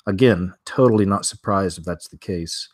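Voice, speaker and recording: Low-voiced man chatting over news. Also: normal speed, no echo, studio quality. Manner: chatty, reads headlines then riffs with asides. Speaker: news commentary host. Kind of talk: casual news commentary.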